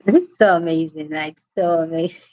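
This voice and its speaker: A woman's voice: sits low, normal speed, mellow, highs cut off. A young woman with a Nigerian accent hosting a casual livestream chat from home, bubbly and laughing often as she greets viewers. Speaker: livestream host.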